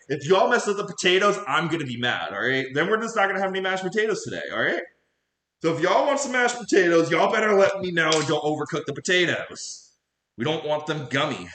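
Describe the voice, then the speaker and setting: Man, casual cooking stream chatter, animated lively voice, echoey kitchen. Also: a little high. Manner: chatty, addresses chat directly, laughs often, goofy. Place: home kitchen.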